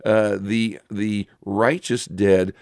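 A man giving a Bible teaching, reading verses aloud and explaining them with frequent pauses and fillers. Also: fairly low pitch, fairly even intonation, creaky, darkish tone, clear, resonant tone, dry recording, studio quality.

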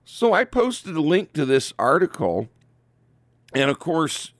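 A man's voice: a little high, sing-song, slow, no room sound. A man hosting an opinionated commentary monologue, sarcastic and full of fillers and restarts. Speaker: commentary show host.

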